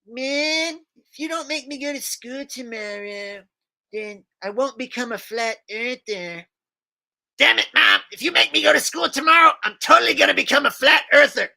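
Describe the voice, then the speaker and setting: A bratty cartoon schoolboy whines and shouts in tantrums. The voice sits high and tense, with a gravelly rasp. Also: male voice, normal speed, full character voice. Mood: whiny. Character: bratty, whiny cartoon schoolboy, foul-mouthed.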